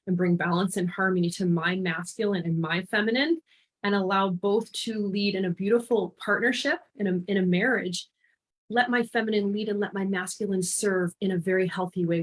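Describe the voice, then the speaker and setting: Earnest canadian-raised woman mentor on a podcast, heartfelt, thirties. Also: medium pitch. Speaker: guest, intuitive life and business mentor. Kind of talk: podcast interview.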